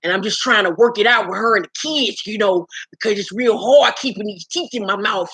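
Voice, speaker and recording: A woman's voice: medium pitch, fairly quick, a bit bright, slightly rough, no echo. A woman mimicking a mushy-mouthed man with new teeth. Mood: earnest. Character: grown man mumbling around awkward new teeth. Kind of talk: comic impression in a video review.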